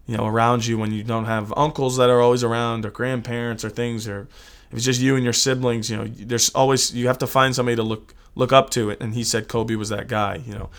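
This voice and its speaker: A man's voice: mid-range voice, flat delivery, brisk. A man from the United States co-hosting a casual sports talk show, earnest and reflective, often repeating words. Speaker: sports podcast co-host.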